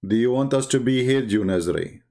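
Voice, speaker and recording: A man's voice: medium pitch, fairly quick, dark tone, lightly acted. A man voicing a stern male teacher who badgers a confused student with mocking questions. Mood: scolding.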